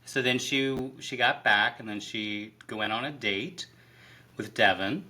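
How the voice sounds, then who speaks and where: A man co-hosts a casual podcast, arguing his reading of a reality dating show one step at a time. His mid-pitched voice sounds bright and forward. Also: measured pace. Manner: argumentative, builds his case point by point. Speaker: podcast co-host. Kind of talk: casual reality TV recap chat.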